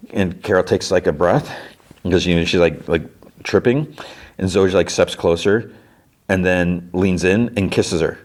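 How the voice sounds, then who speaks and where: A man's voice: low voice, a little slow, darkish tone. A man hosting a podcast, casually retelling a TV episode scene by scene and peppering it with "she's like.". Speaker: podcast host.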